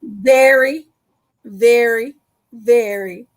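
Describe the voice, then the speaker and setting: A woman's voice: fairly high pitch, very slow. A woman co-hosting a live show, teasing her friend and reading viewer comments. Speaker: co-host. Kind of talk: casual chat.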